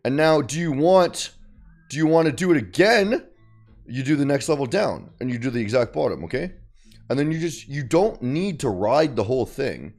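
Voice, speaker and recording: A man streaming live and chatting casually about his trades, calling viewers bro and swinging from mumbles to loud bursts. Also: medium pitch, sing-song, normal speed, soft background music. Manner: loose and slangy, calls viewers bro and boys. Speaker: trading streamer.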